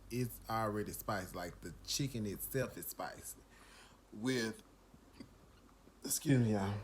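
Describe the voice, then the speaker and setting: A drowsy, well-fed man speaks, drawling through a casual food review and repeating himself as he talks to his viewers. His pitch sits in an ordinary middle range, and a faint hum of noise stays underneath. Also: fairly bright tone. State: sleepy and full after eating. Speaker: food vlogger.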